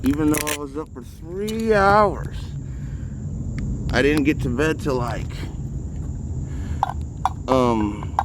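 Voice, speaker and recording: Out on the street with his handheld phone, a vlogger caring for stray cats rambles through casual narration, a bit short of breath. His voice is a little high and slow, with long pauses, and the background is noisy.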